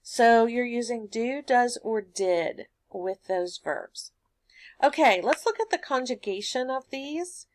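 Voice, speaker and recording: A woman's voice: on the high side, animated, slow pace, no room sound. A woman teaching a recorded grammar lesson, patiently explaining step by step with everyday examples.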